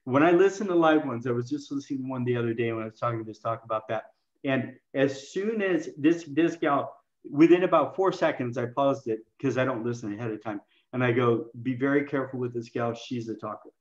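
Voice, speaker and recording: A man speaking as a guest in an interview, explaining communication to health practitioners in an animated way and acting out quoted lines. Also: mid-range voice, a little fast, roomy sound, lo-fi sound. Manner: animated, acts out patients and himself in quoted lines. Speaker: health coaching expert guest.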